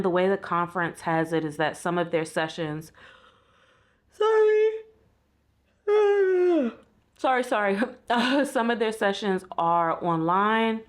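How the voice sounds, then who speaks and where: A woman's voice: fairly low pitch, steady tone, fairly quick, hardly any pauses. Candid woman vlogging from a hotel bed. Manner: candid, heartfelt, many "like" fillers. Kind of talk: casual reflective vlog talk. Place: hotel room, sitting in bed. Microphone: compact vlog camera.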